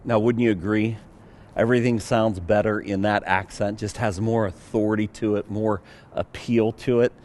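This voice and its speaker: A man's voice: lowish voice, fairly even intonation, normal speed, darkish tone. A male pastor with a Pittsburgh accent preaching a sermon in a conversational, joking way with fillers.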